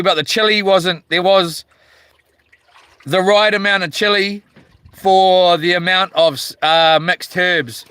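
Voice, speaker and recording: A man with a New Zealand accent talks in a relaxed, slangy way on a casual live stream. His voice sits a touch high and sounds bright and crisp. The sound is dry and close, and he chats from a small boat outdoors. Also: no room sound. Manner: laid-back, slangy, reads viewer comments aloud. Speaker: livestreaming fisherman.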